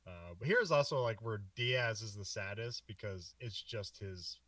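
A man's voice: fairly low pitch, animated, unhurried, a bit bright, dry recording, far from the mic. A man co-hosting a casual movie podcast, rambling through a plot recap with many fillers and frequent laughs. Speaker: podcast co-host.

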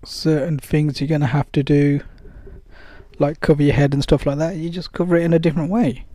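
A man's voice: fairly high pitch, fairly even intonation, a little fast, dark tone, dry recording. A man giving casual spoken advice in a loose, conversational way, full of fillers and acted-out dialogue.

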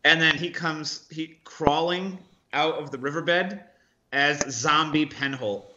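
A man's voice: fairly high pitch, slow, reverberant, lo-fi sound, noisy background. A man playing a tabletop game over a video call, narrating his character's actions loosely with lots of likes. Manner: loose, storytelling, many likes. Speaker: player.

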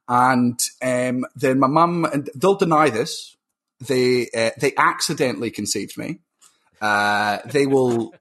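A young man from Scotland with a Fife accent, a comedian guest telling sweary, animated anecdotes in casual podcast chat. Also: mid-range voice, breathy edge. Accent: Scottish, Fife. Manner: sweary storytelling with acted-out quotes.

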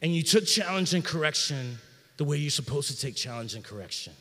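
A middle-aged man preaching a sermon in a church sanctuary, in an energetic, conversational style with slang. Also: on the high side, brisk, long reverb tail. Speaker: pastor.

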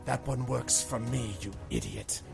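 Man putting on a sneering cloaked villain, quiet taunting voice, tabletop game, faint music behind. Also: mid-range voice, wildly swooping pitch, measured pace, gravelly, heavily acted. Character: sneering cloaked humanoid enemy, cruel and mocking.

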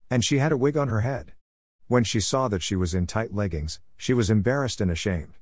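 Low-voiced man preaching earnestly. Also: darkish tone, no room sound, studio quality. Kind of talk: sermon testimony.

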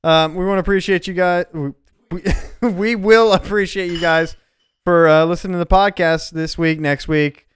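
A man's voice: high-pitched, fairly even intonation, moderate pace, clean tone. A man hosting a casual podcast, talking in a loose, laughing, profane way. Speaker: podcast host.

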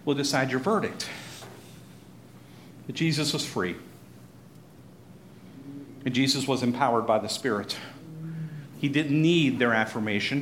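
A man teaching a Bible passage in a conversational way, animated and chuckling as he acts out the crowd. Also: mid-range voice. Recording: echoey room with faint noise.

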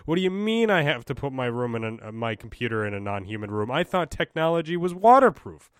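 A man's voice: mid-range voice, sing-song, a little fast, smooth, no echo, clean studio sound, pitched above the performer's own voice, lightly acted. A man putting on a panicky, clueless older man who is helpless with technology, squealing in exaggerated mockery. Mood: baffled.

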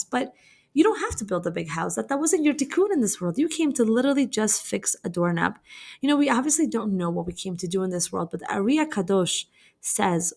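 A woman's voice: medium pitch, lively intonation, brisk, gravelly, a little mellow. A young adult woman hosting a podcast as a dating coach and matchmaker. She speaks in a casual, conversational way, telling stories and using many fillers like "you know". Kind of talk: casual advice monologue with storytelling.

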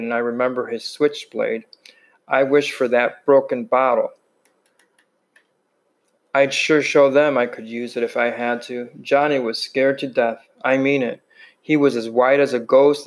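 A man's voice: medium pitch, poor audio. Man reading a novel aloud, stumbling. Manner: plain reading with restarts and slips. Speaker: reader.

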